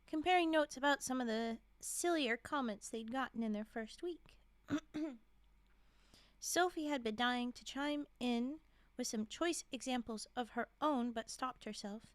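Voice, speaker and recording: On a live stream, a woman reads holiday stories in a high-pitched voice, a little hoarse from a frog in her throat. She frequently stops to chat and giggle with her viewers, and the recording is dry.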